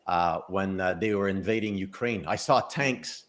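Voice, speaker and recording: A man talks on a casual chat show with a low, relaxed voice. He rambles, restarts his sentences and breaks into laughter at his own asides. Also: moderate pace. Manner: rambling, self-interrupting, laughs at own jokes. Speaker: psychic co-host.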